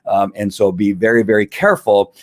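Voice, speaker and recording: A man's voice: lowish voice, fairly even intonation, a little fast, no echo, clean studio sound. A man explaining dog training in a casual, emphatic way, now and then imitating barking dogs.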